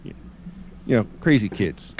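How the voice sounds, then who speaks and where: Forties male co-host, deep and unhurried, dry humor, light background hiss. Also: animated, darkish tone. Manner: laid-back, reminiscing, dry humor. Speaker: stream co-host. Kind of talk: casual chat.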